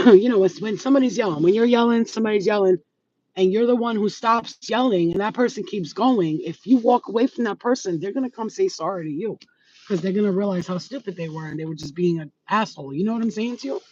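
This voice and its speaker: A woman's voice: medium pitch, quick pace, darkish tone, a little hiss or hum. A middle-aged woman talking straight to her viewers as a spiritual healer, giving blunt, profane, streetwise advice in a casual monologue. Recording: dull lo-fi sound.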